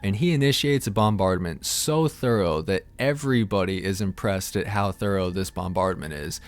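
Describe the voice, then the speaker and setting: A man's voice: low-pitched, normal speed. A man hosting a comedic lore explainer, irreverent, profane and full of slang. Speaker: host of a lore-explainer channel.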